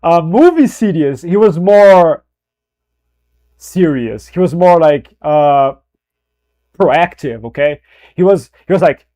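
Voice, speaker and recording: A man's voice: on the high side, lively intonation, slow, long pauses, mellow. A man chatting casually on a livestream, rambling, restarting and correcting himself as he goes. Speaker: streamer.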